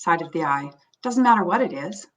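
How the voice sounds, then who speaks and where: A middle-aged woman leading a guided tapping sequence. She names the tapping points low and soft, then says the panic phrases higher and louder. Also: lively intonation, fairly quick, far from the mic. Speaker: tapping coach.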